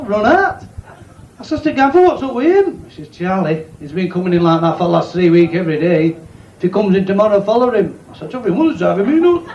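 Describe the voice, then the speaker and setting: A cheeky man with a high voice rattles off crude jokes and teases the crowd in a pub club. The recording is echoey and dull, and loud crowd chatter and noise sit behind him. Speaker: club comedian. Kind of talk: bawdy stand-up joke telling. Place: pub or working men's club.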